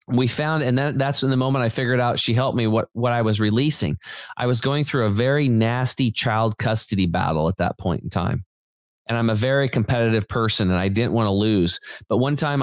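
Man, podcast guest, rambling casual storytelling, lots of fillers and restarts, mid-pitched voice, dry close sound. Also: dry recording. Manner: informal, says "dude" and "like". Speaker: podcast guest, health company founder.

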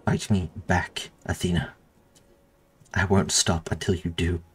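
A man's voice: deep voice, flat delivery, unhurried, breathy edge, heavily acted. A man playing a coldly tender, obsessive doctor. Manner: soft, coaxing, insistent. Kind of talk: audiobook narration.

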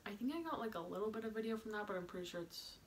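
A young woman vlogger telling a camping story in a chatty, animated way, full of "like" and quoted voices. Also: mid-range voice, racing, a little hiss or hum. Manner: chatty, animated, heavy use of "like". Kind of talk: story time vlog.

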